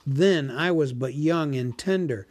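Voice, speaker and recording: Guy doing a big old boasting dragon, slow and loud, pitched up, gloating over every word. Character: huge boastful ancient male dragon, menacing.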